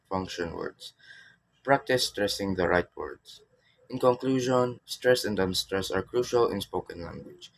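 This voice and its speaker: A man's voice: sits low, low-quality recording. A man reading out a language lesson from a script, with small slips and restarts. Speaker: teacher. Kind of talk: read-aloud lesson.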